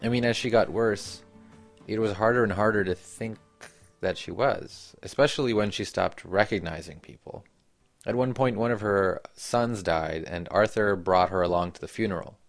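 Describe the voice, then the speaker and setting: Male narrator, very low voice, measured scripted read over soft music. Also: dry recording. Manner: measured, reflective. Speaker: radio narrator.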